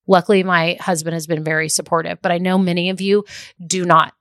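A woman's voice: fairly low pitch, little pitch movement, brisk, fairly bright tone, no room sound, clean studio sound. A woman who hosts a podcast and coaches small business owners. She talks casually, laughs often and drifts into tangents. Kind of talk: casual solo podcast talk.

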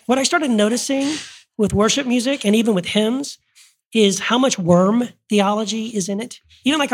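A woman's voice: mid-range voice, slightly rough. A woman hosting a podcast, talking earnestly in a casual way, often restarting her sentences, recorded live before an audience. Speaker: podcast host.

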